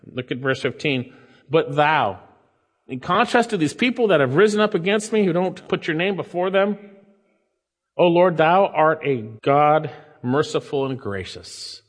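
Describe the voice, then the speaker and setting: A man's voice: fairly high pitch, measured pace. A man preaching an expository sermon, reading verses aloud and lifting his voice sharply on key phrases. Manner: animated, rising emphasis when reading scripture. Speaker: pastor. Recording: long hall reverb.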